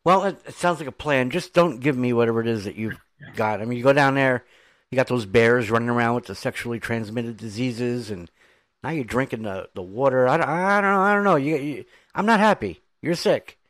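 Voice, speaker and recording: A man's voice: mid-range voice, fairly quick, fairly bright tone, no echo. A man hosting a podcast, playful and teasing, with mock complaints to his co-host. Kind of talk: casual chat.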